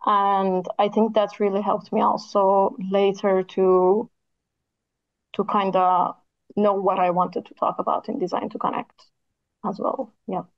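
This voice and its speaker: A woman's voice: mid-range voice, level tone, unhurried, creaky. Thoughtful woman with a tired voice. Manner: thoughtful, with frequent "like" and "kinda" fillers. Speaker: architect and podcast co-host, guest. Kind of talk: casual interview conversation. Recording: slightly dull lo-fi audio.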